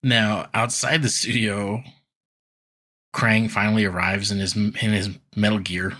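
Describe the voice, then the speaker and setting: A man's voice: fairly low pitch, little pitch movement, unhurried, sharp tone. A man co-hosting a podcast, recapping a cartoon episode in loose, laughing casual chat full of fillers. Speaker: podcast co-host.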